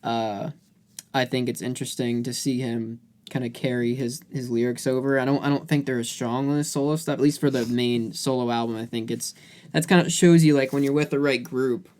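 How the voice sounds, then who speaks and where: A man co-hosting a music podcast in relaxed chat. He rambles, piles on fillers and restarts his sentences, and he speaks at an ordinary middle pitch. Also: fairly quick. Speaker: podcast co-host.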